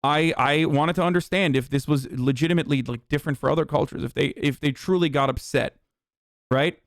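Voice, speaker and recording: A male livestream host from Turkey delivers a heated, profane rant in a somewhat high voice. His tone is smooth and resonant. The recording is dry and close. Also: fairly quick, no room sound.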